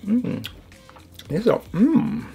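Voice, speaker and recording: A woman's voice: mid-range voice, wildly swooping pitch, very slow, creaky, dark tone, soft background music. A woman from the United States casually chatting while she tastes snacks, talking with her mouth full and humming mm between bites. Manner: chatty, talks while chewing, lots of mm sounds. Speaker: vlogger. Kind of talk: casual snack unboxing and tasting chat. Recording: noisy with wrapper crinkling.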